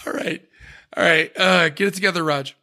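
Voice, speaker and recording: A man's voice: a little high, normal speed, bright, forceful tone. A man co-hosting a podcast in casual chat, reading listener mail and often breaking into laughter. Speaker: podcast co-host.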